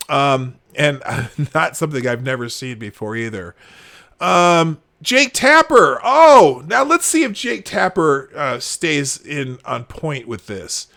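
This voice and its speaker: A man hosting a livestream, reading posts aloud and reacting with exasperated, sarcastic commentary. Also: mid-range voice. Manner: exasperated, sarcastic, swings between shouting and muttering. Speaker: livestream host.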